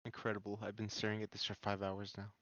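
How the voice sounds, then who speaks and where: An easygoing man chatting with his tabletop game group as he picks spells for his character. His voice sits a little low and comes through a dull, lo-fi mic. The sound is dry and close. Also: completely flat delivery, fast talker, fairly bright tone, no echo. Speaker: player. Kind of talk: casual chat before a tabletop game.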